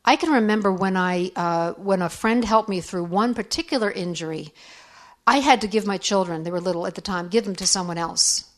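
A woman's voice: mid-range voice, fairly quick. A middle-aged woman giving a candid, reflective talk on faith and forgiveness to other women, sharing stories. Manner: candid, conversational, acts out quoted voices.

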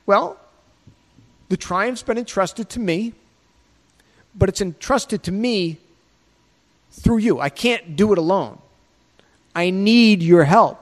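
A man's voice: high voice, takes it slowly, pauses often. A man preaching a sermon in a provocative, conversational way, with many rhetorical questions. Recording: long hall reverb.

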